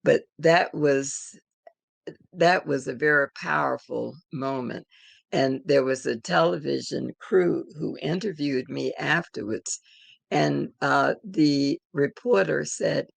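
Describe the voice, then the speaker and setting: Gravelly-voiced elder woman telling a story. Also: low-pitched, no room sound. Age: older. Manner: measured, reflective storytelling. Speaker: interviewed elder. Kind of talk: storytelling interview.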